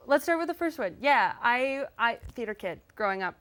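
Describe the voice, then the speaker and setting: A woman's voice: a little high, lively intonation, normal speed, fairly bright tone. A young woman from Canada, a singer and guest on a live talk show, chatting in a bubbly way with frequent laughs and fillers.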